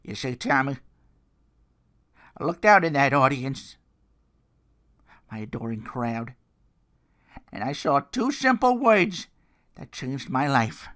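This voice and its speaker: A grizzled male wrestler, as a podcast host puts him on, cuts a theatrical promo. He lurches from roaring peaks to hushed murmurs, with his pitch leaping high and his tone bright. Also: sing-song, takes it slowly, long pauses. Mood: dramatic. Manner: theatrical, shouting then hushed.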